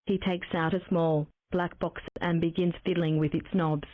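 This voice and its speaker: A synthetic woman's voice reading game text aloud in an even, mechanical way. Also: lowish voice, moderate pace, no echo. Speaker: text-to-speech game narrator. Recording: tinny phone-like dry sound.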